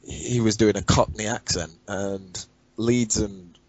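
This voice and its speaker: A man's voice: fairly low pitch, fairly even intonation, slow, dull audio, crowd noise. A man with a northern English accent, a podcast guest talking casually and bluntly, swearing freely. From England. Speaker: podcast guest, former commissioner.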